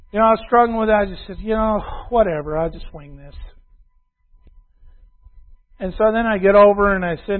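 High-voiced preacher on tinny radio. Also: male voice. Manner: storytelling, confessional, swings from loud to quiet. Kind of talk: sermon. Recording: tinny phone-like radio broadcast.

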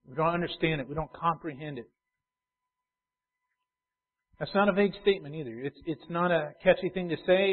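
A male pastor preaching a sermon, repeating key phrases and building in intensity. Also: fairly high pitch. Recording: tinny phone-like sound.

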